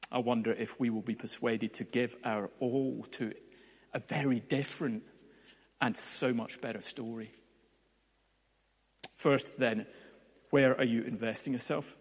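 Lively preacher in a reverberant hall. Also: male voice, mid-range voice. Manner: lively storytelling with playful asides. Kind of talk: sermon.

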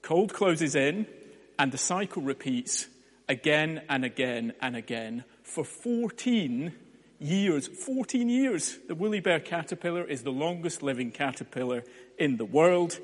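Brief: male pastor, animated storytelling sermon, a bit high-pitched, reverberant church hall. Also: unhurried. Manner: lively storytelling with playful asides. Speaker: preacher.

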